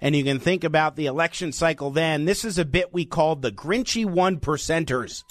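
A male radio host interviewing a guest, asking questions in a measured, deliberate way. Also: a little high, dry recording.

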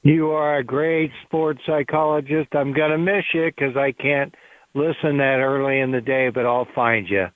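A man from Arizona calling in to a radio show, speaking eagerly and loudly. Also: mid-range voice, fairly even intonation, moderate pace, no echo. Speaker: caller. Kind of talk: call-in radio. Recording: dry tinny phone line.

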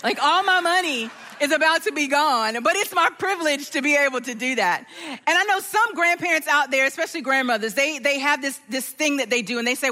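A middle-aged woman, speaking as a guest at a church service, animated and enthusiastic, laughing often. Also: sits high, brisk, big-room sound. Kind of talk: sermon talk. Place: church auditorium.

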